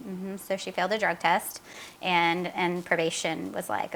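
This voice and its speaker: A middle-aged woman appears as an interview guest, giving an emotional personal account of her daughter's story. Her bright, forceful voice is on the low side and gravelly, with little pitch movement, and a little hiss or hum is audible. She speaks earnestly and haltingly, with many fillers and re-enacted dialogue.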